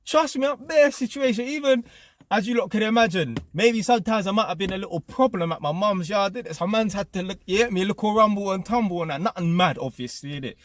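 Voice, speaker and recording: A young man hosts his own channel and rants to camera. His voice sits a little high, and the sound is close and dry with no room around it. He talks in street slang and keeps tacking tag questions onto his sentences. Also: quick pace, dry recording. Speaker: channel host. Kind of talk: casual opinion rant to camera.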